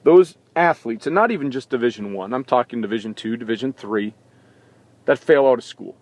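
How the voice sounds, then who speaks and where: A man's voice: medium pitch, animated, a little fast, darkish tone, no room sound. Impassioned man ranting about college sports. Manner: impassioned, rising to indignant rhetorical questions. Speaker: sports talk show host. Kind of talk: opinion monologue.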